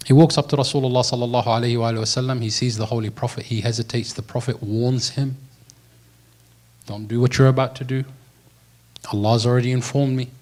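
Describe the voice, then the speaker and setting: A man giving a sermon, telling a story and talking in a relaxed, slangy way. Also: medium pitch, fairly quick. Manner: lively storyteller, slips into slangy voices for quoted characters. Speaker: preacher.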